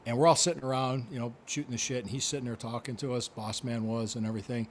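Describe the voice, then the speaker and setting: A man, a former wrestler hosting a podcast, telling stories in a casual, animated way, laughing and repeating himself. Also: medium pitch, fast, a little hiss or hum. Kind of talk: casual storytelling chat.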